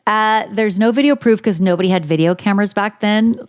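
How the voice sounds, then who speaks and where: A woman's voice: medium pitch, a little fast, clean tone. A woman in her forties co-hosting a casual chat show, talking bluntly and profanely, telling stories with lots of energy. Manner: blunt, profane, animated storytelling. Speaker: podcast co-host.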